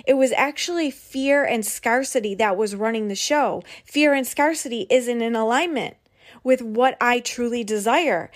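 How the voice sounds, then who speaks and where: A young woman hosts her own podcast and talks through a personal story in a casual, candid monologue. Her voice sits a little on the high side. She speaks in an animated way, leans on "like" and drops the odd swear word. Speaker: podcast host and business coach.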